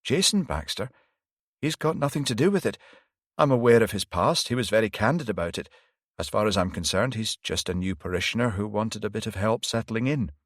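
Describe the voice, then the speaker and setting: A man's voice: on the low side, expressive, a little fast, no echo, studio quality, pitched above the performer's own voice. A man voicing a frightened young priest. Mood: anxious. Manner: anxious, faltering.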